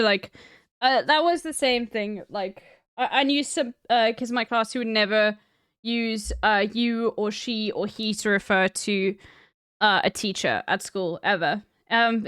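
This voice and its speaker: A woman chatting bluntly on stream, her voice smooth and clear and a little higher than most. The sound is dry and close, with no room to it. She talks with plenty of fillers and swears as she goes. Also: a bit bright, dry recording. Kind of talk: casual chat reacting to a video.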